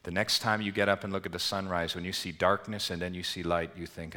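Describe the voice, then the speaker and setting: A man preaching a sermon to his church congregation, asking rhetorical questions and swinging between emphatic swells and quiet drops. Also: low voice, flat delivery, fast talker, hardly any pauses. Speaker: pastor.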